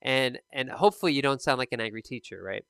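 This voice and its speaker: A man teaching TOEFL speaking on a live stream, explaining in a relaxed, conversational way. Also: medium pitch, fast, creaky, clean tone, no echo, clean studio sound.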